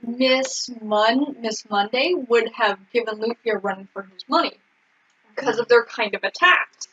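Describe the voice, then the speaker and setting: A woman's voice: on the high side, a little slow, fairly bright tone, breathy edge. A woman co-hosting a casual anime recap chat, chatty and leaning on "like". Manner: chatty, leans on "like". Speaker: podcast co-host. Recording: dull lo-fi audio.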